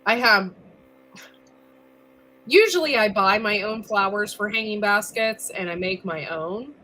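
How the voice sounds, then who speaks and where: A woman co-hosting a casual live stream over a video call, chatty and quick to laugh, peppering her talk with "like" and "dude". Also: mid-range voice, pushed and bright. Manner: chewing while talking. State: recovering from illness. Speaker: co-host.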